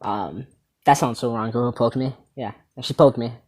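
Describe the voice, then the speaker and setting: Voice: medium pitch, moderate pace, a little mellow. A teenager hosting a comedy channel, telling a rambling story about school and a girlfriend while swearing casually.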